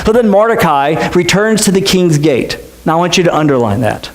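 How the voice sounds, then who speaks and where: A man's voice: high voice, animated, fairly quick. A man preaching a sermon as pastor, telling the story in a playful, jokey way. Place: church sanctuary. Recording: echoey church sanctuary.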